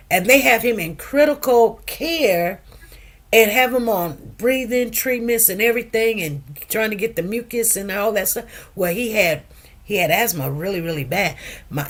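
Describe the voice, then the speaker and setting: A middle-aged woman hosting a show, telling a personal story in an emphatic, animated way and acting out what others said. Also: medium pitch. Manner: emphatic, animated retelling with acted-out quotes. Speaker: show host. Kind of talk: casual chat storytelling.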